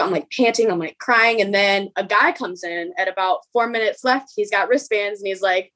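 A young woman, a podcast guest, telling a story in a rapid, emotional way, with many ums and quoted dialogue. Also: mid-range voice, fairly bright tone, rough recording.

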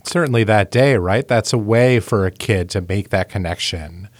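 Guy chiming in calmly, lowish voice, dry close mic. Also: moderate pace, dry recording. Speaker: conversation partner. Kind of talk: casual conversation.

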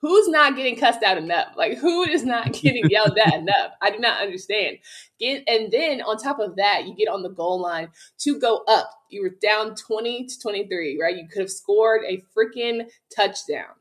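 A woman's voice: mid-range voice, moderate pace. A woman with a Southern accent, co-hosting a sports talk show, ranting about her team with laughs in between. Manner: venting, animated, laughing between rants. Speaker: co-host.

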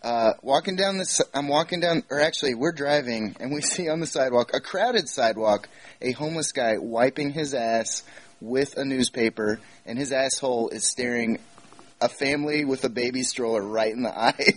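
A male podcast guest with a husky, slightly raspy voice, swapping relaxed anecdotes in casual chat. He breaks into laughter often as he tells them. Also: medium pitch, moderate pace. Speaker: guest screenwriter.

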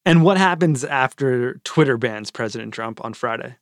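A man hosting a news podcast, guiding the interview with brisk questions. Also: mid-range voice, lively intonation. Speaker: podcast host.

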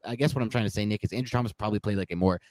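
A man's voice: on the low side, very fast, darkish tone, no room sound. A man co-hosting a sports podcast, breaking down a game in loose, rambling talk, correcting himself and laughing at his own slips. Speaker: podcast co-host. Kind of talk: casual sports podcast analysis.

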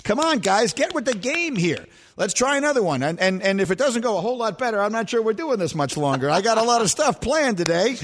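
A man's voice: sits high, big pitch swings, quick pace, few pauses. A man hosting a sports call-in radio show, bantering playfully and teasing in a game-show manner.

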